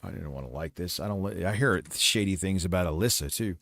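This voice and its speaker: A man's voice: low voice, a little fast, gravelly, fairly bright tone, no room sound. A man hosting a livestream who comments casually, rambling, crude and mocking. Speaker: livestream host.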